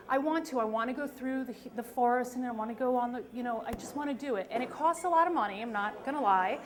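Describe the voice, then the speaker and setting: A woman from New York telling a personal story at a live story slam in a lively, self-mocking, emphatic way. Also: sits high. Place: stage at a live storytelling event.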